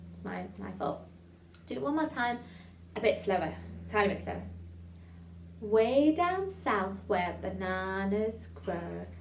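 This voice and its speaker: A woman leading an online drama improvisation lesson, chatty and encouraging, laughing at her own slips. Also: on the high side. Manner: encouraging, chatty, self-deprecating. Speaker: drama teacher. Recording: echoey room, mic at a distance.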